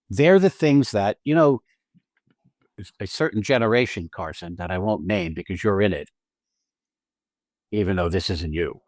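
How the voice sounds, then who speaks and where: Animated man on a podcast, dry close sound. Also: on the low side, dry recording. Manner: animated, acts out quotes and lines, laughs often. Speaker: podcast co-host and acting teacher. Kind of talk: casual conversational podcast chat.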